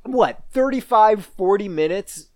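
A man's voice: high-pitched, lively intonation, a little slow, darkish tone, no room sound. A young man co-hosting a podcast, talking casually with lots of restarts and frequent laughter. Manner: rambling, laughs a lot, many restarts. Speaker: podcast co-host. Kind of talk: casual chat.

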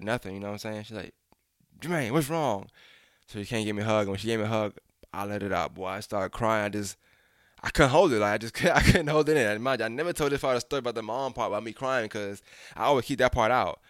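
A man's voice: on the low side, rapid-fire, dry recording, studio quality. A young adult man telling a personal story casually, acting out the voices of the people in it, with slang and frequent restarts. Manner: animated, acts out quotes, frequent restarts and slang.

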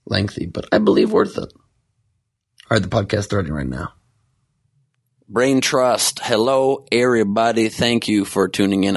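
A man's voice: on the low side, gravelly. A man hosting a podcast in casual, rambling chat, joking at his own expense and sleep-deprived. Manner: rambling, self-mocking, jokey asides. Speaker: podcast host.

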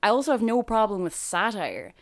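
A woman with an Irish accent talking casually as a podcast co-host, animated and chatty with lots of fillers and frequent laughs. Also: medium pitch, a little fast. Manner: laughs often while talking. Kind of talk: casual chat.

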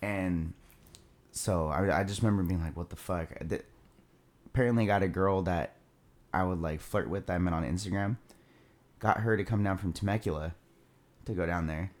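Low-voiced young guy, swears a lot, laid-back party story. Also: moderate pace, pauses often, a little mellow. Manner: loose and profane, laughs through the story. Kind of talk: casual storytelling.

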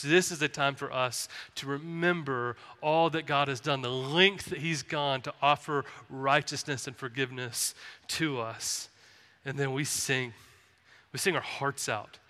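Male pastor, fairly high, resonant voice, earnest sermon delivery, reverberant sanctuary. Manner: earnest, pleading, drops to soft tones. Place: church sanctuary. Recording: reverberant church hall.

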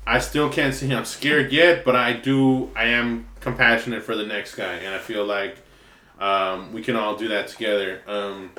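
A man's voice: fairly low pitch, level tone, moderate pace, bright, forceful tone. Earnest man, hesitant, echoey room. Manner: earnest, hesitant, many fillers. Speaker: podcast co-host. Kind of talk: casual chat.

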